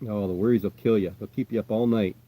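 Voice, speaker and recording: An American man chatting casually on a livestream as a tarantula keeper, rambling and reassuring, often trailing off quietly. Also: fairly low pitch, fairly even intonation, fast. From United States. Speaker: tarantula keeper answering live chat.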